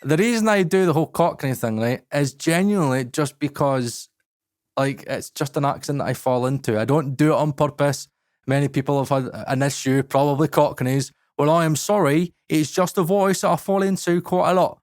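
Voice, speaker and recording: A man's voice: on the high side, normal speed, darkish tone, dry recording, clean studio sound. A Scottish man co-hosting a podcast in casual, blunt chat, swearing freely. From Scotland. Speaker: podcast co-host.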